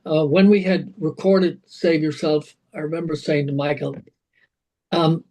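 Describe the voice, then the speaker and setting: A man, a rock singer being interviewed, telling animated anecdotes full of fillers and restarts. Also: fairly high pitch, a little slow, low-quality recording. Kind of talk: casual interview storytelling.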